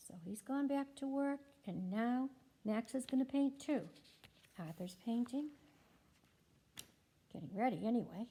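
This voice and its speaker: A woman reading a picture book aloud to children, animated with hushed whispery asides. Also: on the high side, measured pace, long pauses. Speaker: library guest reader.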